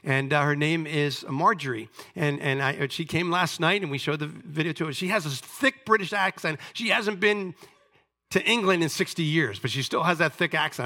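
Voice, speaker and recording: A man delivering a sermon as pastor, earnest, rising to emphasis and dropping to soft asides. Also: high voice.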